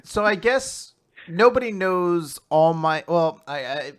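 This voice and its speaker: A man co-hosting a casual chat, chiming in with relaxed reactions and musings. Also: on the high side, takes it slowly. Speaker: podcast co-host.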